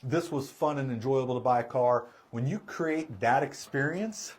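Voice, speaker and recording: Animated middle-aged man telling a story. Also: medium pitch, normal speed. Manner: animated, laughs while telling. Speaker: car sales trainer. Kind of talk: casual storytelling.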